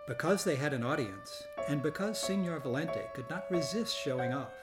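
A man reads a children's storybook aloud in a calm, even storytelling manner. His voice sits a little high for a man. Loud music plays behind him. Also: moderate pace. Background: loud background music.

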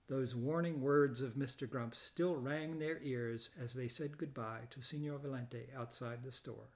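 A man reading a children's storybook aloud in a calm, even storytelling manner. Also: mid-range voice, measured pace, few pauses. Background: loud background music.

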